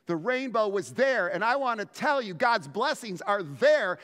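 A man preaching a sermon as pastor, telling stories in an animated way and often restarting his words. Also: sits high, a little slow, in a large hall. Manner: animated storytelling with frequent word restarts.

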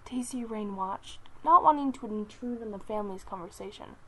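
A young woman telling an animal story, reading slowly and haltingly with restarts and soft whispered asides. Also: mid-range voice, slight background noise, rough recording. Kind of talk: story narration.

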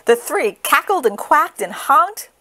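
A woman reading a children's picture book aloud in a slow, expressive sing-song. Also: sits high. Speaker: storybook reader.

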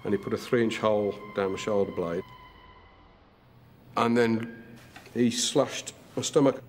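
A man's voice: on the low side, a little slow, slight background noise. A man recounting a stabbing in documentary testimony, plain and blunt with casual fillers.

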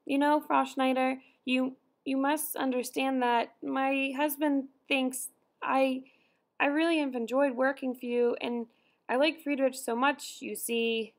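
A woman reading the lines of an anxious young cleaning woman, speaking in a halting, pleading way. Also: high voice, flat delivery, pitched above the performer's own voice. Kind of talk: audiobook dialogue reading.

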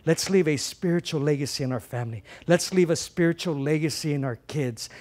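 This is a man's somewhat high voice as he preaches a sermon in the role of pastor. He sounds chatty and energetic, often says words more than once, and alternates between booming emphasis and gentle asides.

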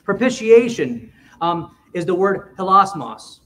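A man preaching a sermon in a church, emphatic, with quick asides and swings between loud and quiet. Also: sits high, very animated. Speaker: pastor.

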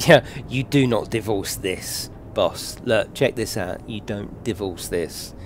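A man from England takes it slowly in a fairly low voice, with slight background noise behind him. His live-stream chat while gaming is casual and jokey, laced with swearing and laughter, in a British accent.

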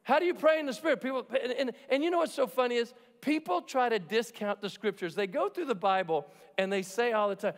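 A man's voice: extremely high pitch, lively intonation, fairly quick, hardly any pauses. A man preaching a sermon as pastor, in an emphatic and jokey way, acting out the people he quotes. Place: large church sanctuary. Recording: long reverb of a church hall.

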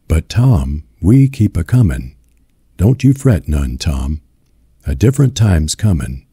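A man voicing a weary, steadfast farm mother who soothes her son in a gentle rural drawl, in a storybook reading. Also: low-pitched, very animated, slow, husky, dry recording, clean studio sound, exaggerated voice. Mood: reassuring.

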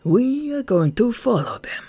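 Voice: mid-range voice, very animated, moderate pace, a little mellow, no echo, voice pushed up, lightly acted. A reader voicing a menacing giant bat leader. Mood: cold threat. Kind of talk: audiobook character voice.

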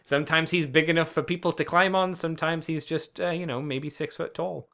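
A man's voice: on the high side, steady tone, brisk, vocal fry, pushed and bright. A man co-hosting a casual podcast, rambling along, swearing easily and chuckling often. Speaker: podcast co-host. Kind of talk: casual chat.

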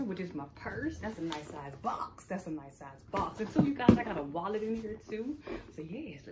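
A woman chatting casually to camera while unboxing packages, laughing often. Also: medium pitch. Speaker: unboxing vlogger. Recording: noisy home recording.

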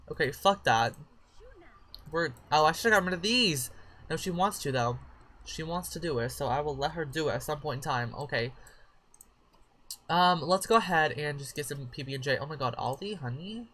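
A woman hosts her own let's-play, rambling at the game in a relaxed, casual way. Her voice has a bright, forceful edge. She curses freely and now and then breaks into excited shrieks. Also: deep voice. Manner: chatty, profane, with sudden shrieks of surprise. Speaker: gaming channel host.

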